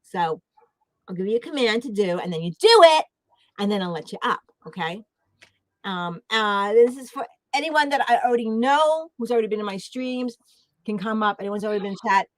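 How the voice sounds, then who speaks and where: A woman's voice: medium pitch, lively intonation, brisk, no echo. A woman hosting a livestream panel, chatting casually and playfully with lots of laughter. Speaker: livestream host. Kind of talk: casual chat.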